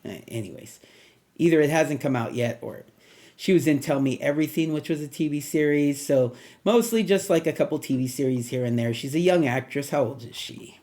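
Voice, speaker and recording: A man's voice: on the high side, a little fast, a little mellow. A man talking casually on his own as a movie reviewer, rambling and thinking aloud with plenty of ums and asides.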